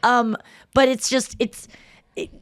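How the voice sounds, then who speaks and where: A woman's voice: takes it slowly, clean tone, dry recording, studio quality. A woman hosting a podcast, telling stories in casual chat, acting out quotes and swearing freely. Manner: animated, acts out quotes in a higher voice. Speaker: podcast host.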